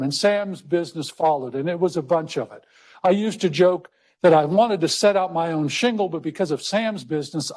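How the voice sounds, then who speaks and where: A middle-aged man from Texas tells a personal story to an audience in a conversational way. His voice sits fairly high, and he slows right down to stress key words. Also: darkish tone. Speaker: speaker. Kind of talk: storytelling talk.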